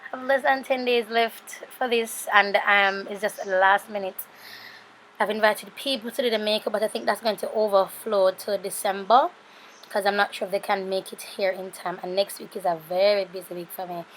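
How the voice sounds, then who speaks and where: A Jamaican woman in her thirties talks through a makeup tutorial as a casual voice-over, rambling from one aside to the next and checking in with viewers. She sounds tired and sleepy, her voice pitched at an ordinary middle height, with a faint hiss of noise underneath. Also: fairly even intonation, normal speed, fairly bright tone. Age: 30s. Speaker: beauty vlogger.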